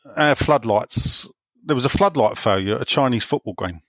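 A man's voice: mid-range voice, a little fast, fairly bright tone, dry recording, studio quality. A man with an East End London accent hosting a casual podcast chat, joking around and reading out listener questions. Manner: jokey, reads out listener questions. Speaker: podcast host.

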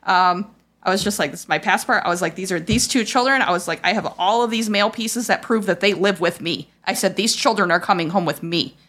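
This woman hosts a podcast and speaks at a medium pitch, a little fast, with a fairly bright tone. Her account of a painful family memory is casual and rambling, packed with "like" and quoted remarks, and comes out raw and frustrated.

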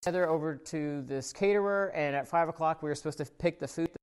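At a church service recorded for online viewers, a pastor preaches conversationally, telling stories full of filler words. He gets animated and louder as the story excites him and turns soft when reflecting, in a little high, smooth voice at a fast pace.

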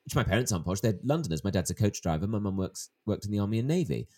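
A man in his thirties, an author being interviewed, telling stories in a lively way and acting out the voices of the people he quotes. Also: on the low side, rapid-fire. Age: 30s. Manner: animated storyteller, acts out quoted voices. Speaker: author guest. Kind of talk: interview conversation.

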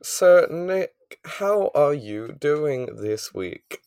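A man's voice: on the high side, lively intonation, drawn-out words, darkish tone, clear, resonant tone, no echo, clean studio sound. A man hosting a casual podcast, teasing his co-host in a playful, upbeat way. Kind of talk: casual chat.

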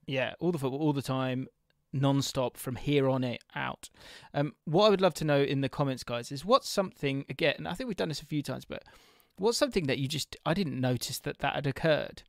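Gravelly man hosting football chat. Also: medium pitch, a little fast, few pauses, no room sound, studio quality. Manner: rambling, distracted, reads comments while talking. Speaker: podcast co-host.

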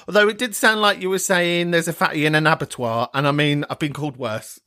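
A man hosting a podcast, reacting to listener voicemails in a giggly, sweary, expressive way. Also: a little high, a little fast, very noisy. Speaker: podcast host. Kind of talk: casual chat reacting to voicemails.

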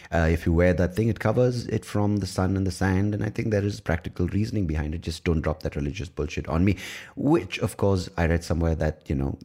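Man, very low pitch, mellow dark tone, rambling, irreverent, podcast host. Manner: rambling, irreverent, swears often. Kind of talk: casual solo podcast monologue.

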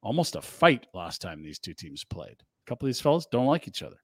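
A man's voice: mid-range voice, big pitch swings, brisk, a bit bright, husky, no echo. A man in his forties hosting a sports radio show in a studio, joking and teasing in casual banter.

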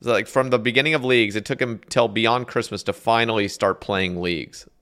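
A man's voice: fairly low pitch, steady tone, brisk, a bit bright. A man hosting a gaming podcast, chatting in a laid-back, slangy way. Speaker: podcast host. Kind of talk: casual gaming chat.

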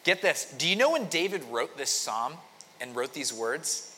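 A man's voice: mid-range voice, lively intonation, normal speed, bright, forceful tone, a little hiss or hum. A man preaching a conversational sermon, telling a story with frequent restarts. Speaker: pastor. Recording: long hall reverb.

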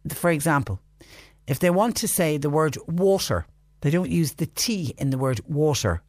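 A man's voice: a little high, animated, normal speed, dry recording, clean studio sound. A man with an Irish accent hosting a local radio phone-in, chatting through listener texts and reading community notices. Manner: conversational, reads texts and notices aloud. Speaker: radio host. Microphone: studio microphone.

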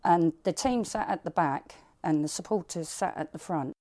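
A woman recalls a fan trip in a plain, fond way. Her voice is lowish and mellow. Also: moderate pace. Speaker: football fan interviewee. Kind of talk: fond recollection.

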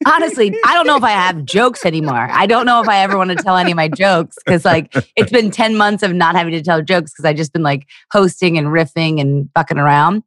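A woman's voice: lowish voice, a little fast, hardly any pauses, a bit bright, no echo. A young woman from the Philadelphia area, a stand-up comedian talking casually on a podcast, telling stories with crude jokes and acted-out voices.

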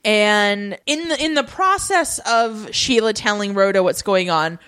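A woman casually recapping a TV episode, telling the story in a lively way, acting out lines in playful voices, laughing and swearing now and then. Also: medium pitch, measured pace, clean tone. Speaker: podcast co-host recapping a TV episode. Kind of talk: casual chat.

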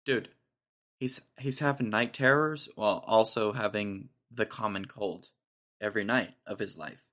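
A man's voice: on the low side, unhurried, a bit bright. A young man in his twenties hosting a podcast, telling a rambling, jokey story in casual slang. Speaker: podcast host.

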